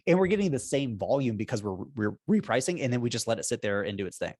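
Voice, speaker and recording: A man's voice: mid-range voice, sing-song, fast talker, a little mellow. A man being interviewed as a guest, explaining business strategy in an upbeat, persuasive way and chuckling often. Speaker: guest, repricing software founder.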